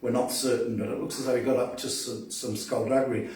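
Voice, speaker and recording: A man reading and reciting verse at an open mic, halting in speech and bold in recitation. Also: medium pitch, level tone, a little mellow. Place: poetry event venue. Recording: very echoey room, distant mic.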